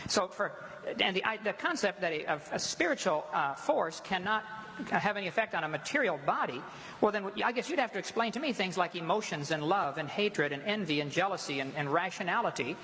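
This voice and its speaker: A man's voice: sits high, animated, fairly quick, sharp tone. A man giving a confident religious lecture, explaining his points step by step. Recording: reverberant hall.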